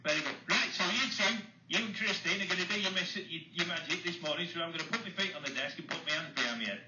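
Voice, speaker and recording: A man's voice: a little high, bright, forceful tone, echoey room, lo-fi sound, a little hiss or hum. A man with a Manchester accent, casually bantering as a radio show host in a chatty, jokey way. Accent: Mancunian. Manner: chatty, jokey, quick-talking.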